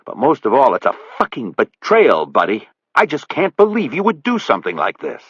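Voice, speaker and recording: A man's voice: medium pitch, wildly swooping pitch, moderate pace, a bit bright, husky, no room sound, highs cut off, pitched above the performer's own voice, exaggerated voice. A man doing a blunt, angry betrayed investigator.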